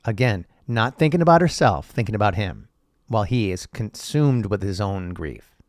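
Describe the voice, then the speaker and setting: On his podcast, a man reads old writings aloud and rambles about them sarcastically, swearing often and cracking himself up. His pitch is fairly low, his intonation lively and his pace moderate, and the recording is dry and studio quality.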